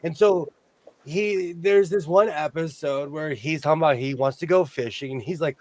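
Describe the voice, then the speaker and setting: A man's voice: a little high, moderate pace, darkish tone. An older man hosting a sewing livestream, chatting casually and jumping between topics. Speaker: sewing show host.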